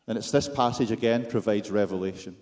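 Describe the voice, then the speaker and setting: A man's voice: lowish voice, a little fast, darkish tone. A man with a Scottish accent preaching a sermon, with wry, self-deprecating humor and rhetorical questions to the congregation.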